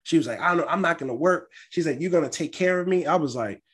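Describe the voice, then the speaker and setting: A man's voice: fairly high pitch, fast, breathy edge. A young man chatting casually as co-host, telling stories and acting out what others said. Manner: storytelling, quotes others in an animated way. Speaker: podcast co-host. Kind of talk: casual chat.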